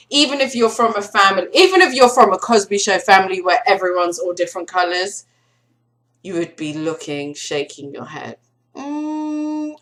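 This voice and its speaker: A woman talks straight to camera in a casual review, her voice bright and forceful. She is animated and sarcastic, stretching her words for dramatic effect, with a pitch that sits in the middle of the range. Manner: animated, sarcastic, exaggerated emphasis. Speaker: film reviewer.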